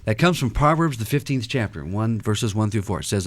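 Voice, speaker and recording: A man's voice: on the low side, a little fast, dry recording. A man appearing as a guest counselor on a radio talk show, telling stories with animation and acting out the quotes. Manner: animated storyteller who acts out quotes.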